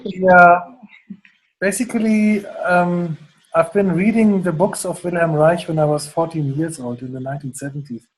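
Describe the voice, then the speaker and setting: German-accented man in his fifties with a husky, raised voice, rambling through an interview as guest. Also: high voice, fairly even intonation, normal speed, poor audio. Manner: rambling, hesitant, with many fillers. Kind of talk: conversational interview.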